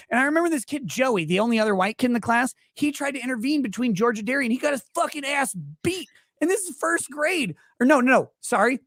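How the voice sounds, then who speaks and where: A man's voice: extremely high pitch, lively intonation, fast talker, a bit bright, no room sound, studio quality. A man in his forties from Houston, a podcast guest telling a rambling, profane story in casual chat. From Houston, Texas.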